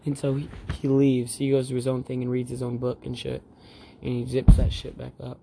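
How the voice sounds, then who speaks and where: A man's voice: medium pitch, monotone, fairly quick, vocal fry, noisy background. A young man co-hosting a podcast at home, tipsy, rambling and crude in casual chat. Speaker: podcast co-host.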